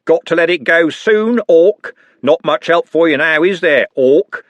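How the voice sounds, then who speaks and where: A man voicing a nasty male footballer who taunts his opponent in slow, jeering words, in an audiobook reading. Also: on the high side, no room sound, voice pushed up, natural voice. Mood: taunting.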